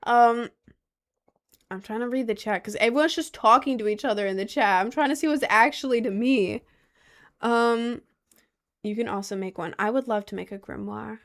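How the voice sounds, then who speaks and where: A young woman from Maryland chatting casually on a live stream, gushing excitedly and reading the chat aloud. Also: a little high, moderate pace. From Maryland, United States.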